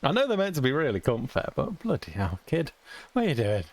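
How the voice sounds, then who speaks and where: Here a young British man streams a game and talks casually, rambling, chuckling frequently, and swearing mildly. He has a medium-pitched, sing-song delivery that runs a little fast.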